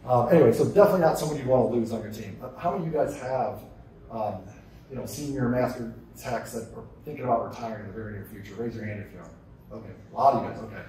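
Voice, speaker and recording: A man delivers a conference keynote at a brisk clip, tossing rhetorical questions to the crowd. His voice rings around a large, echoey hall. The mic sits some way off. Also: mid-range voice, distant mic. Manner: energetic, conversational, asks rhetorical questions. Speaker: keynote speaker.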